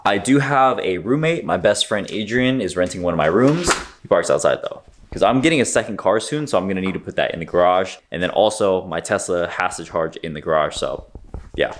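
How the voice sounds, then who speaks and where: Casual low-voiced young man touring his home. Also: lively intonation, brisk, reverberant, slight background noise. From Southern California. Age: 20s. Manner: casual and upbeat, many fillers like "uh" and "like". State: a bit out of breath at times. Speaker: vlogger. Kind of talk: casual home tour vlog. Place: in his house, walking from room to room.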